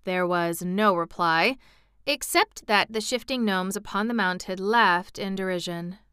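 Storybook narrator: woman, bright and crisp tone, dry close sound. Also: mid-range voice, dry recording. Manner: measured storytelling, lifts voice for quoted speech. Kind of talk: audiobook narration.

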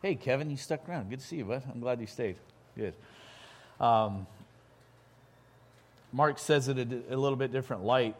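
A man preaching a sermon in a halting way, full of restarts, building to loud emphatic peaks. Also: mid-range voice.

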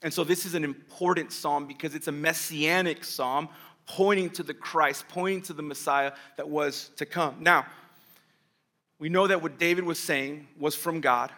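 A man's voice: fairly high pitch, fairly even intonation, normal speed, sharp tone. A male pastor preaching a sermon, explaining the text step by step and asking his listeners rhetorical questions.

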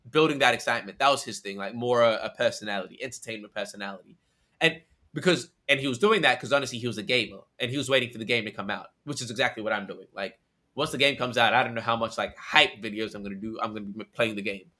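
A man with a bright, forward voice talks in a loose, rambling way. He fills his sentences with "like" and "um" as he chats about content creation. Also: medium pitch, quick pace. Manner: rambling, filler-heavy, says "like" often. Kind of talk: casual chat.

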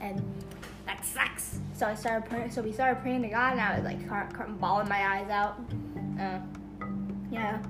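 A woman's voice: medium pitch, steady tone, unhurried, music in the background. A woman in a casual family devotional talk, rambling and acting out the voices she quotes. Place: home.

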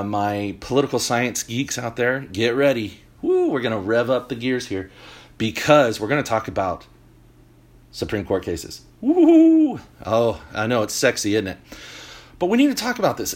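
A man hosting a talk show, delivering an animated opinion monologue with emphatic points and joking asides. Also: medium pitch. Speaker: podcast host.

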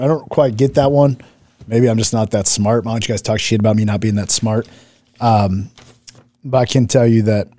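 A man's voice: fairly low pitch, warm tone, dry recording. A man co-hosting a casual chat with his wife, talking bluntly and profanely, often trailing off and restarting his sentences. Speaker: co-host, husband. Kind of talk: casual podcast chat reacting to comments.

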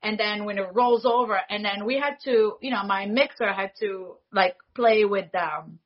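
A woman in her forties, a foley artist, telling stories in an animated way and acting out the dialogue she quotes. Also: medium pitch, normal speed, lo-fi sound. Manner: animated, acts out quoted dialogue, laughs often. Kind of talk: casual interview storytelling.

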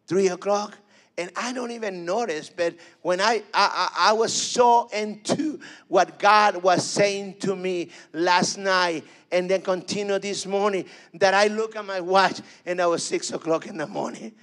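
High-voiced fervent preacher, slow and soaring. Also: male voice, fairly even intonation. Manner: fervent, rising to shouts then dropping soft. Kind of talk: sermon.

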